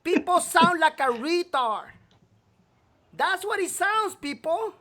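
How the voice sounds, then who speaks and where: A man's voice: extremely high pitch, animated, takes it slowly, sharp tone. A male talk show host delivering a profane, scolding rant, repeating himself to hammer his point home. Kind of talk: ranting talk show monologue.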